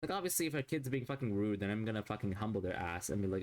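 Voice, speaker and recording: A man's voice: on the low side, lively intonation, rapid-fire, few pauses, darkish tone. Ranting, profane male streamer. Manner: rambling, swears constantly, exasperated ranting. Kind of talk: casual livestream chat.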